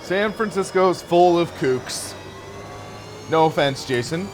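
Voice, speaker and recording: A young man in his early twenties chatting casually over a live racing-game session. He reads out viewer messages and wanders between stories, and his voice sits a bit high for a man. Soft music plays faintly in the background. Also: slow pace. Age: early 20s. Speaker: sim racing streamer. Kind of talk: casual live gameplay commentary.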